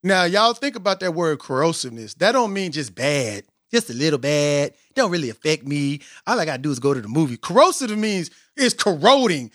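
Animated high-voiced man hosting a podcast. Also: fairly quick, hardly any pauses, no echo, clean studio sound. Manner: animated, self-mocking, preacherly emphasis. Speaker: podcast host. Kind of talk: casual podcast intro with attempts at rapping.

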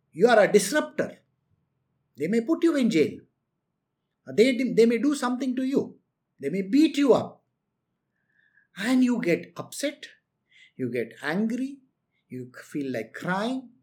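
A woman's voice: medium pitch, sing-song, slow, pauses often, mellow. A woman giving an earnest spiritual discourse, lecturing her listeners directly. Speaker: spiritual teacher.

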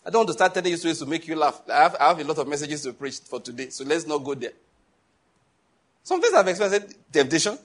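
A man's voice: a little high, big pitch swings, quick pace, a bit bright. A man preaching a sermon, telling stories and acting out the dialogue with a laugh. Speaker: pastor.

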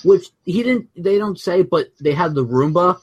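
A man co-hosting a podcast in casual chat, adding background facts and walking through the plot in a relaxed way. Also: sits high, normal speed, husky. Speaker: podcast co-host.

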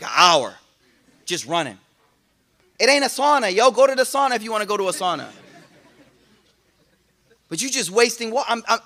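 A man gives an animated religious talk in a high, bright voice. He preaches in casual slang, restarting his sentences often and tossing in playful asides to the room. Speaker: Islamic teacher. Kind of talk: lively religious talk to a congregation.

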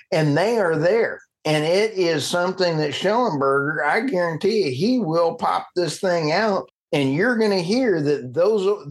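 A man hosting an energy podcast, talking with passion and getting worked up, then apologizing for it. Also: a little high. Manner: impassioned, gets worked up and apologizes. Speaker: podcast host. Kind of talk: conversational interview.

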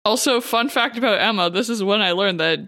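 A woman with a bright, mid-pitched voice who chats wryly about her game character. The recording is dry and close. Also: brisk, dry recording. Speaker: player.

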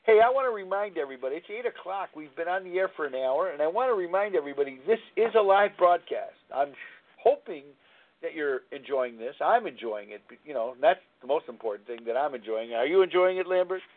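A man in his sixties hosts a live talk radio show and tells blunt personal stories, often restarting his sentences. His voice sits fairly high for a man. The sound is thin and tinny, as if heard over a phone line. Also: expressive, fairly quick. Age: 60s. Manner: candid, rambling storytelling with frequent restarts.

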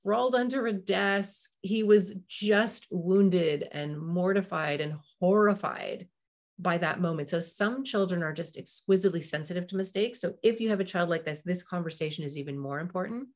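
A middle-aged woman with a fairly low voice hosts a parenting podcast, giving casual advice in a warm, chatty way. She often breaks off for asides and acts out quick bits of dialogue.

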